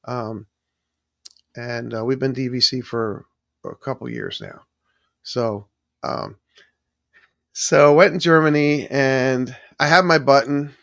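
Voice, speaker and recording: A gravelly-voiced man hosting a casual live stream, rambling through his story, often restarting his sentences and thanking chat viewers by name. His voice is recorded close and dry, with little room sound. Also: mid-range voice, sing-song, slow pace, long pauses, no echo. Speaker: livestream host.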